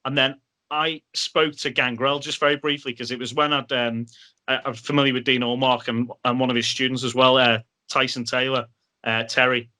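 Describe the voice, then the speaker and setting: A bright-voiced man from Liverpool, England, tells casual anecdotes as a podcast guest. His voice is mid-range and his pace moderate, and he's an animated storyteller who acts out other people's lines.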